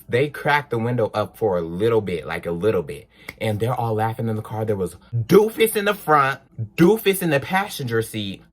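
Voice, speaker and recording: An animated young man recounting a story to his viewers, his pitch swinging widely as he acts out the scene. His talk is loose and casual, with quick asides and drawn-out exclamations. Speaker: vlogger.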